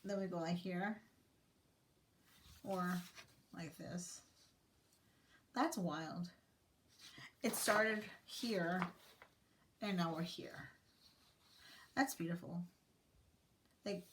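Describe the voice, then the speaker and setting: A woman in her thirties, a teacher, casually walking viewers through her planners in a slow, thoughtful way, with many fillers and a sentimental touch. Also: fairly low pitch, slight background noise. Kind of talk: casual show-and-tell vlog.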